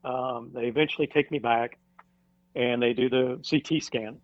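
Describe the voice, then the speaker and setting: A firefighter, a guest on a podcast, telling a personal story in a casual interview, halting with many fillers and restarts. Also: male voice, medium pitch, fairly even intonation, no room sound. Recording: dull dry recording.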